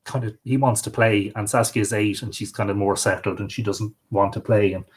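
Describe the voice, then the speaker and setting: A man's voice: fairly low pitch, level tone, a little fast. A middle-aged Irish man hosting a casual livestream from home, talking in a rambling, chatty way. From Ireland. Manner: rambling, chatty, coaxing his dog in a sing-song voice. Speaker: livestream host.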